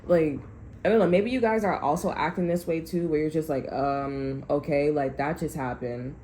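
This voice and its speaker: Low-voiced woman rambling through a tarot reading. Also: normal speed, warm tone. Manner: rambling, profane, heated. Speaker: tarot reader. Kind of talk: casual tarot reading monologue. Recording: echoey room, faint background noise.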